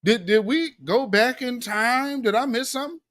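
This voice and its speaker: Man, high voice, very lively pitch, dry close recording, sarcastic and emphatic commentary. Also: normal speed, no room sound. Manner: animated, emphatic, slangy and sarcastic. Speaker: commentary show host. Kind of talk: political commentary monologue.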